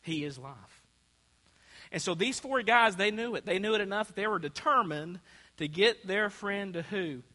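Preacher guy, high voice, lots of call and response, long church echo. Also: expressive, moderate pace, bright, forceful tone. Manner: call-and-response preaching, asking the congregation to fill in words. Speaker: pastor. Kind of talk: sermon. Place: church sanctuary. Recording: long church hall reverb.

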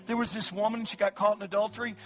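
A man preaching with raw intensity, his fairly high voice dropping to a near-whisper as he pleads, then bursting into shouts. He speaks at a church service while soft guitar music plays faintly underneath. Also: flat delivery, very fast. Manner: impassioned preaching that swings from hushed pleading to shouting. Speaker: pastor. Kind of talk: evangelistic sermon.

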